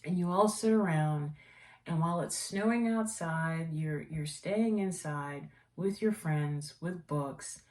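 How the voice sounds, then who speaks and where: Low-voiced woman chatting in echoey room. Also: slow pace, distant mic. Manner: rambling, warm-hearted enthusiasm for products. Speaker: tea vlogger and host. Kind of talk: casual chatty review. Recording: echoey room, voice away from mic.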